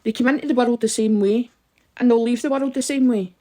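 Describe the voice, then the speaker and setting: A woman's voice: fairly high pitch, steady tone, fairly quick, dark tone. A woman giving emphatic, direct advice to listeners in an impassioned talk. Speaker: campaigner.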